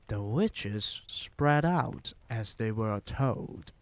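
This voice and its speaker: A man reading a novel aloud on a live stream, telling it in an unhurried, measured way. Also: lowish voice, animated, no echo.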